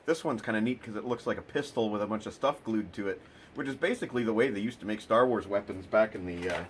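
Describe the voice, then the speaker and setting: A man's voice: fairly low pitch, fast, slight background noise. A man hosting a casual toy unboxing video, talking with dry, sarcastic remarks and lots of ums and uhs.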